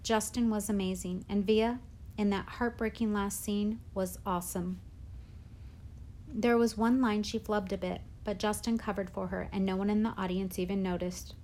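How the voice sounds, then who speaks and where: A woman's voice: medium pitch, steady tone, moderate pace, darkish tone, slight background noise. Woman narrating a first-person novel. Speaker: audiobook narrator.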